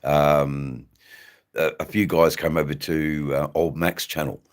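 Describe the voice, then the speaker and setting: A man hosts a live stream and chats loosely with his viewers. His voice sits very deep, and he talks slowly, trailing off and restarting often. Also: flat delivery. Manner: rambling, halting, many ums and restarts.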